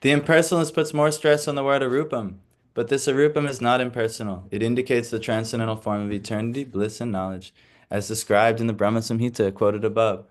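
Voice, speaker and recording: A man reads scripture aloud to a small class in a measured voice. He drifts into relaxed asides full of fillers. He sounds hesitant over Sanskrit recitation. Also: mid-range voice. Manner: reads steadily, then slips into casual asides with fillers. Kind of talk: reading scripture aloud and explaining it.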